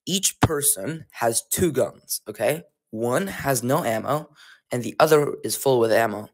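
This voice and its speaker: A young man hosting a game server, commentating in a casual, excitable and joking way at a desk mic. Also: mid-range voice, a little slow. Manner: excitable, joking and laughing, trolling players. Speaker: game server host and YouTuber.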